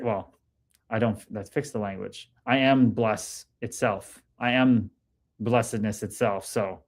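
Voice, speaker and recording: Hosting a relaxed livestream, a man with a mid-range voice reads out comments from chat. His manner is excitable and loose, with plenty of swearing and hype for the audience.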